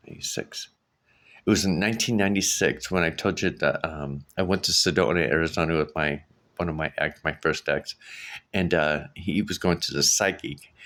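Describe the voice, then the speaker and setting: A man's voice: sits low, a bit bright. A middle-aged man vlogging casually, telling a story in a rambling way with many restarts and fillers. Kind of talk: casual vlog monologue.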